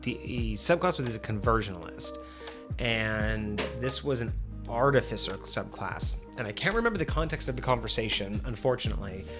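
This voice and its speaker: A man's voice: on the low side, animated, moderate pace, over music. A man hosting a casual tabletop gaming livestream, rambling and restarting his sentences, with "like" in nearly every line. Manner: rambling, heavy use of "like" and restarts. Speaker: host of a tabletop gaming stream.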